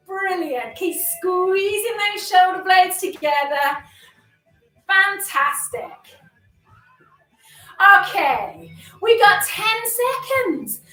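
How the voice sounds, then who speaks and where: A woman's voice: very high voice, animated, drawn-out words, long pauses, bright, forceful tone, echoey room, distant mic, soft background music, low-quality recording. A woman exercise instructor leading a workout class, upbeat and encouraging, a bit out of breath as she moves along with it. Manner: upbeat, encouraging, chatty with self-deprecating jokes.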